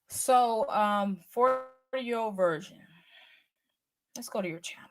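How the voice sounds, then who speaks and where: A woman's voice: a little high, slow pace, pauses often. A woman in her forties hosting a casual livestream, chatty and slangy, teasing and talking straight to her viewers. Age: 40s. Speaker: livestream host.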